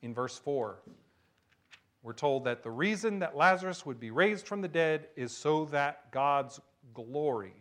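A male pastor preaching a sermon, shifting between hushed emphasis and loud, excited storytelling. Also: a little high, measured pace.

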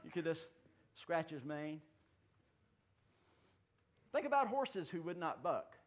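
A man in his fifties preaching a sermon in a church, folksy and joking, swinging between loud declarations and hushed asides. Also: on the high side, sing-song, slow. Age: 50s. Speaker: pastor. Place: church sanctuary.

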